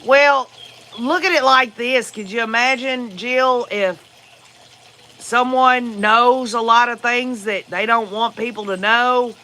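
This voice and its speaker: The man's voice is extremely high, bright and forceful, with a steady tone and slow pace. Hosting a casual livestream in a Southern US accent, he rambles through viewer comments opinionatedly, filling his speech with fillers.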